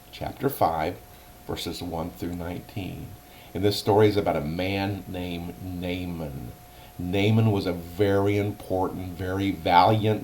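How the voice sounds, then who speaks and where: A man teaching a children's Bible lesson, telling the story slowly and emphatically and explaining words simply. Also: fairly low pitch, a little mellow.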